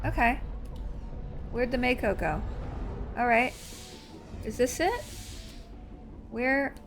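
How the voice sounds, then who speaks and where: A woman in her forties chatting excitedly while playing a game live, with loud exclamations. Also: on the high side, slow pace, faint music behind. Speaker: streamer. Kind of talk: live gameplay commentary.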